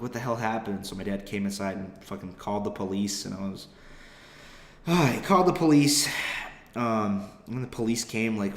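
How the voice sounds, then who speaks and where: A young adult man, a comedian hosting his podcast, tells a story in a rambling, profane, self-deprecating way. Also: low-pitched. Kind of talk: casual comedic podcast monologue. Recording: roomy echo.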